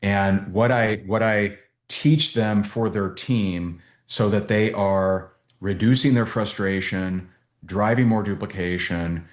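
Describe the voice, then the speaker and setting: A man coaching a team on a video call, telling stories with lively restarts and repeats. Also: on the low side, takes it slowly, reverberant. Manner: animated storytelling with many restarts. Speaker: business coach.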